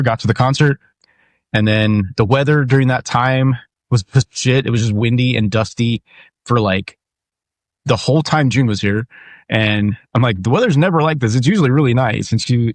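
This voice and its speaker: A man's voice: medium pitch, no echo. Candid, profane man podcasting solo. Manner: candid, profane, rambling with restarts. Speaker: podcast host. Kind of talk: casual solo monologue.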